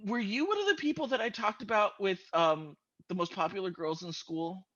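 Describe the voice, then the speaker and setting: Podcast host, male, bright edgy tone, giggly storyteller, dull dry recording. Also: sits high, brisk. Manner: laughs often, animated storytelling. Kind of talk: casual chat.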